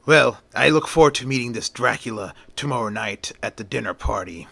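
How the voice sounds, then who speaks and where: A man's voice: mid-range voice, animated, fairly quick, gravelly, a bit bright, no echo. A man doing a wise elderly foreign professor. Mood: measured.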